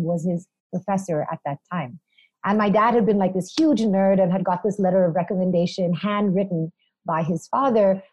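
A woman's voice: mid-range voice, mellow, no room sound, low-quality recording. A woman, a presenter being interviewed, telling stories in an upbeat, chatty way. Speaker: interview guest, entertainment presenter. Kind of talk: casual interview talk.

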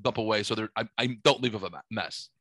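A man tells a profane story in a casual podcast chat, quoting every person in the story out loud. His voice is bright and sits in the middle of the pitch range. The sound is dry and close. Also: no room sound. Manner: profane, animated, quick to act out quotes. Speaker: podcast co-host telling a story.

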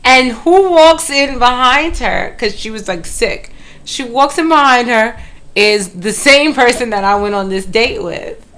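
A woman from Brooklyn telling a bad-date story in casual chat, lively and blunt, with quick bursts. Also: fairly high pitch, clean tone.

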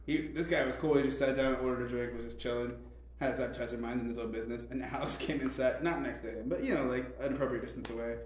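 A man's voice: mid-range voice, quick pace. Laughing man telling a wry story. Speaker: podcast co-host. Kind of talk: casual chat. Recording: roomy, with faint ambience.

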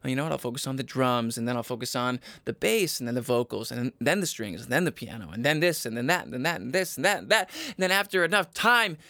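A man's voice: lively intonation, fast talker, vocal fry, few pauses, pushed and bright, dry recording. Brash, profane man ranting advice. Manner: profane, mock-motivational rants with sudden squeaky jabs. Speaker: podcast host. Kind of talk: comedic advice monologue.

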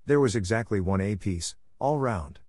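A man reading a classic storybook aloud in a steady, measured narration for language learners. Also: lowish voice, dry recording, clean studio sound. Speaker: audiobook reader.

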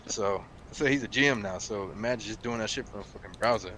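A young man chatting with friends over voice chat, full of swearing and quick retellings. His voice is bright and forward, with a faint hiss of background noise on the line. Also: fairly low pitch. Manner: profane, animated storyteller acting out quotes. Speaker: gamer chatting in a group voice chat. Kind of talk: casual chat.

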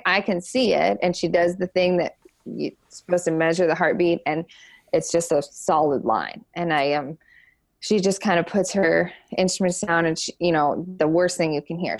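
A young woman speaks as an interview guest, her voice sitting on the lower side with a noticeable gravelly fry. She tells her story frankly and openly, halting often and filling gaps with "like" and "um". The sound is dry and close, with no room echo. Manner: halting, lots of "like" and "um" fillers; frank and open. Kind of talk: candid personal storytelling.

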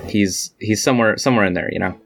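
Eager low-voiced male co-host. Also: quick pace, creaky, slight background noise. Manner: eager, rambling, many fillers. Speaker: podcast co-host. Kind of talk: casual chat.

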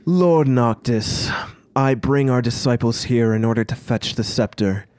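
A man voicing a formal, ceremonious male cult officer who speaks slowly and grandly. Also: mid-range voice, darkish tone, dry recording, studio quality, close to an everyday voice.

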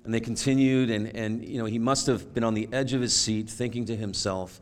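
A man preaching a sermon, retelling a story earnestly and moving between hushed, quiet passages and emphatic ones. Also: medium pitch, steady tone, a little fast, hardly any pauses. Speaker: pastor.

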